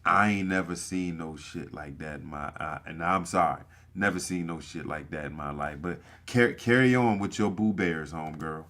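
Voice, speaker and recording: A man's voice: deep voice, normal speed, hardly any pauses, fairly bright tone. A man giving casual reaction commentary, talking emphatically and profanely straight to his viewers. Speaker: commentary streamer.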